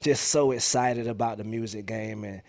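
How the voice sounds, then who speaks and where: A man, a musician guest, talking in casual podcast chat, relaxed, slangy and heartfelt. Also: lowish voice, normal speed, dry recording, studio quality.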